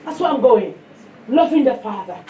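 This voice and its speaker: A woman with a Nigerian accent preaching a sermon to a fellowship, passionate and emphatic, swinging between loud and hushed. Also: on the high side, expressive, moderate pace, reverberant, far from the mic.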